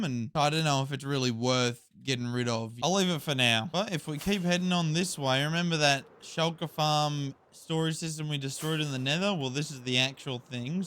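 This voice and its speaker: A man's voice: mid-range voice, fairly bright tone, clear, resonant tone. A man giving casual gameplay commentary for his video channel, chatty and exasperated, often laughing at himself. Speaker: gaming video creator.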